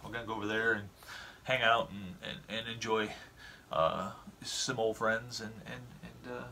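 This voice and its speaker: Male vlogger, bright tense tone, loose rambling chat with the audience. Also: on the low side, fairly even intonation, normal speed, vocal fry, slight background noise. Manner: rambling, stumbling over repeated words; chatty, talking straight to viewers. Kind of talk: casual vlog chat.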